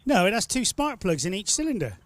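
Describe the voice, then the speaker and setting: A man's voice: high voice, big pitch swings, fast talker. A man hosting a live stream, chatting casually and telling rambling, teasing stories. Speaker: stream host. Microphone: studio mic.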